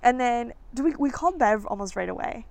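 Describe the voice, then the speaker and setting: A woman in her thirties, a podcast host telling a story in an animated, chatty way. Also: fairly high pitch, brisk, gravelly. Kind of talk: casual storytelling chat.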